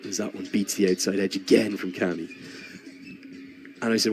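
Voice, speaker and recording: A low-pitched man commentates live on cricket from the box, drifting into a chatty, rambling story full of restarts. Faint crowd noise sits behind his voice. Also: fairly even intonation, fast, a little mellow.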